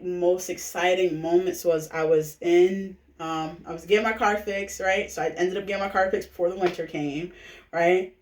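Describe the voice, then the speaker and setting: A woman shares her personal story in a loose, conversational way, leaning on fillers and quick check-ins with her listeners. Her voice sits at a distance from the mic. It bounces around a reverberant room. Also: lowish voice. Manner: chatty, filler-heavy, keeps asking "right?". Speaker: direct-sales recruiter sharing her testimonial. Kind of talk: casual personal testimonial pitch.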